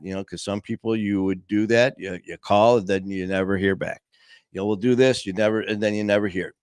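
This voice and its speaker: A man's voice: lowish voice, fairly even intonation, a little fast, clear, resonant tone, no echo, clean studio sound. A man hosting a podcast and telling a story casually, rambling with many "you know"s and acting out the quoted dialogue. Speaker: podcast host.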